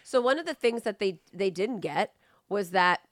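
Woman co-host, mid-pitched, swears freely, rambles through points, dry sound. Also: moderate pace, dry recording. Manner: profane, rambling, animated rants. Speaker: podcast co-host. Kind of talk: casual chat.

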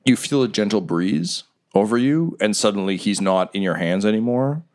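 A man running a tabletop game as game master, narrating the scene in vivid detail and slowing down for dramatic moments. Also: lowish voice, expressive, darkish tone.

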